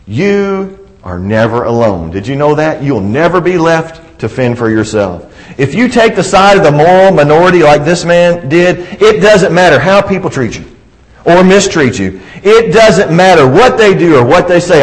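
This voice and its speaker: Impassioned preacher with a lively, swooping voice. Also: male voice, mid-range voice, rough recording. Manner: impassioned, rises to emphatic peaks and drops to soft asides; reads scripture aloud and acts out its speakers. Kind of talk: sermon.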